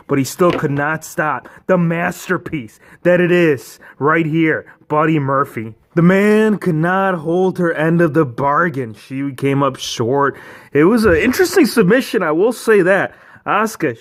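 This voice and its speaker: A man casually recapping an event for his channel, excitable and full of asides and mock outrage. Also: on the high side. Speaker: toy figure reviewer.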